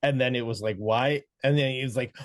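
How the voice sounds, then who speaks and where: A man's voice: medium pitch, steady tone, fast talker, dry recording, studio quality. A middle-aged man co-hosting a movie podcast, speaking hesitantly with many uhs and ums. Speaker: podcast co-host. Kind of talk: casual chat about movies.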